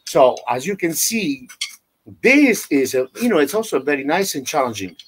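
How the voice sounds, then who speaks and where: A man with an Italian accent teaching an online drum lesson, loosely explaining with many "you know"s and counting beats out loud. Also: on the high side, big pitch swings, normal speed, very noisy. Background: drum playing.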